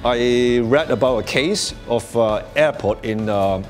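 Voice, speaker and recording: A man with a medium-pitched voice speaks slowly to a live workshop audience, with faint music in the background. His explanations are conversational, marked by many restarts, repeated "you know"s and frequent chuckles.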